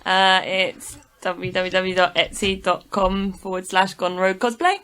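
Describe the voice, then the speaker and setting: A woman's voice: mid-range voice, level tone, unhurried, fairly bright tone, clear, resonant tone. A woman chatting on a podcast, a little bashful and laughing. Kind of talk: casual chat.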